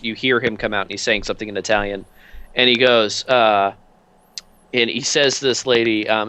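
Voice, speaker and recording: Bright-voiced man running a tabletop game. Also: medium pitch, clean tone. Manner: casual, halting with many fillers. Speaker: game master.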